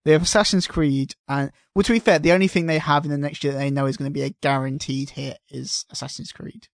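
A man chatting casually on a gaming podcast, sweary and excitable as he rants. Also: a little high, quick pace, no echo, studio quality. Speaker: podcast co-host.

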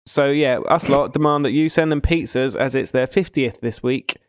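A man hosts a loose, casual chat in a middle-pitched voice, joking and laughing as he goes. The sound is dry and close, with no room around it. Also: normal speed, smooth, no room sound. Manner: jokey, laughs often, reads listener questions aloud. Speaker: podcast host.

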